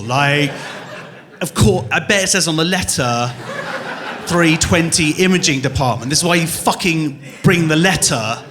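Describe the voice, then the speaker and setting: A man doing a stand-up comedy set in a club, telling a story with lots of swearing and quick acted-out voices of his wife and the hospital staff. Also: on the high side, animated, crowd noise. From England. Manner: swears freely, jumps from loud to muttered.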